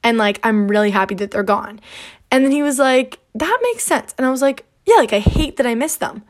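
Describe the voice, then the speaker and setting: A woman's voice: on the high side, brisk. Chatty young woman telling a story. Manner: chatty, peppered with "like", acts out quoted dialogue. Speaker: podcast host. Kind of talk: casual storytelling monologue.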